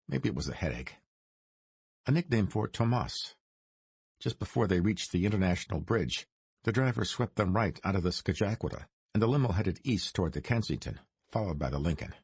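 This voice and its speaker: A man narrating a crime noir audiobook in a measured storytelling manner. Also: deep voice, lively intonation, darkish tone, breathy edge, no room sound.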